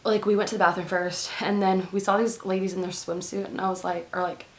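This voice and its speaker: A woman's voice: mid-range voice, level tone, brisk. Chatty young woman from Texas telling a story. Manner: chatty, heavy use of "like" fillers. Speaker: vlogger. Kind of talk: casual storytelling to camera.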